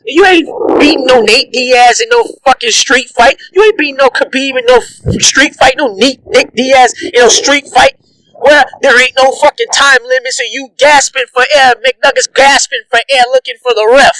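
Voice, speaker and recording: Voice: high-pitched, moderate pace, pushed and bright, no room sound, poor audio. A reaction vlogger giving heated, profane commentary, ranting with repeated emphatic jabs and frequent laughter.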